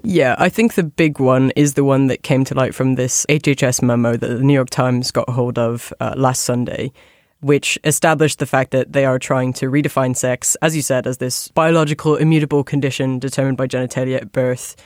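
A man speaking as a podcast guest, explaining in a measured way. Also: mid-range voice, steady tone, no echo, studio quality. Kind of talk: casual podcast discussion.

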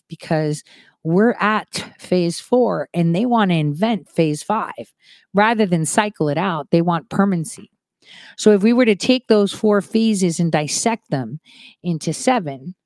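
A woman giving a casual political monologue as an online commentator, animated, moving from soft asides to emphatic rises. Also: mid-range voice, no echo, clean studio sound.

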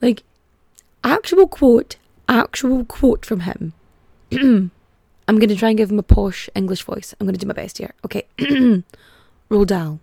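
A woman hosting a casual history podcast, chatty and irreverent, full of filler words and cheerful swearing. Her voice sits fairly high and swoops a lot, with a gravelly fry, recorded close and dry. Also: expressive, moderate pace, warm tone, dry recording. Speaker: podcast host.

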